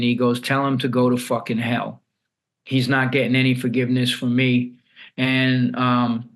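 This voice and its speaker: A man with a voice of ordinary pitch speaks as a guest on a podcast. He tells raw family stories bluntly, swears freely and often breaks off and restarts his sentences. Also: a bit bright. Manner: blunt and profane, with frequent restarts. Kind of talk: candid storytelling in conversation.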